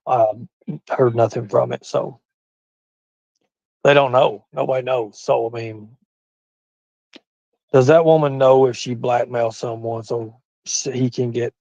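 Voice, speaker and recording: A man with a Southern US hillbilly accent hosts a casual livestream, rambling, swearing freely and reading chat aloud. His mid-range voice comes through dull audio with no echo.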